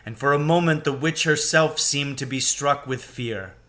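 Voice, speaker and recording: A man, a teacher, reading a children's novel aloud with slow, deliberate storytelling. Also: medium pitch, a bit bright.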